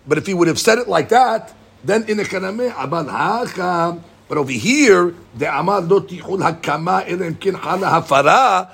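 A man teaching a casual Talmud study lesson. He reads the text off rapidly, then explains it in English, often stumbling and repeating words. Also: high-pitched, lively intonation, vocal fry, a bit bright, slightly rough.

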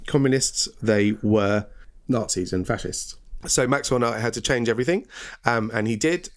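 A man with a low voice hosts a casual educational podcast. He talks with lots of ums and pauses and keeps quizzing his co-host. The recording is close and dry, with no room sound. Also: smooth, no room sound.

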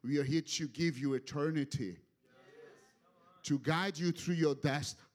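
Guy preaching in a church, fired up, repeats himself, voice sits a bit high. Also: moderate pace. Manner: passionate, animated, repeats words. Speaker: guest preacher. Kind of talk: sermon. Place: church sanctuary.

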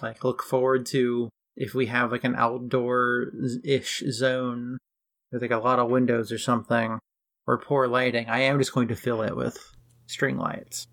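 A young adult podcast co-host with a gravelly, creaky voice at an ordinary pitch. They talk in a relaxed, wry way, full of "like" fillers, as they recap episodes with a friend. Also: unhurried. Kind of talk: casual anime recap chat.

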